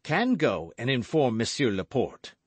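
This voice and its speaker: A man's voice: mid-range voice, very animated, unhurried, husky, dry recording, voice pushed up. A man voicing a bold, gallant young guardsman in an audiobook reading, speaking earnestly and eagerly.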